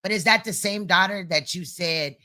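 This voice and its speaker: A woman's voice: lowish voice, moderate pace, sharp tone. A woman streamer reacting to a clip with blunt, mocking, profane commentary.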